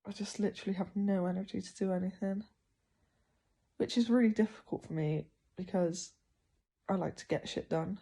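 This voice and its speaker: A young woman with a sore throat talking candidly into her video diary, halting and often hushed. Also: medium pitch, fairly even intonation, husky. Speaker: vlogger.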